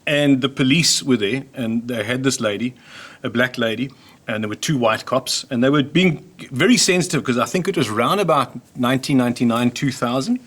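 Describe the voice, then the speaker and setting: Man hosting a relaxed chat. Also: medium pitch, a little fast. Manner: thoughtful, storytelling, acts out quoted voices. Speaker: host. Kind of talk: casual conversation.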